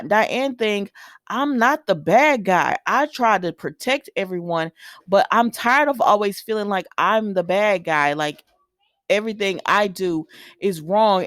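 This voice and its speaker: A woman's voice: mid-range voice, no echo, studio quality. A woman who recaps a soap opera in casual chat. She retells the scenes by acting out the characters' lines.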